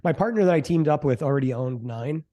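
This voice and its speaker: Mellow-voiced man telling an investing story. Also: on the high side, quick pace. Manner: animated storyteller, acts out quoted voices, fillers like "um" and "like". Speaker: real estate investor guest. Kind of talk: casual storytelling interview.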